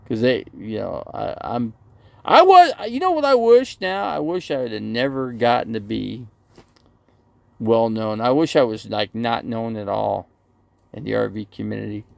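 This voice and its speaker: Gravelly, animated man livestreaming. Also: lowish voice, no echo. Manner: rambling, reads viewer comments aloud and answers them. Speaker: RV channel livestreamer. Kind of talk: casual live-stream chat.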